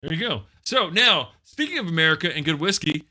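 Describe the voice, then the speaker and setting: A man's voice: a little high, very animated, brisk, pushed and bright, soft background music. A man co-hosting a comedic talk show, delivering crude jokes and mock ad reads. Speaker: co-host.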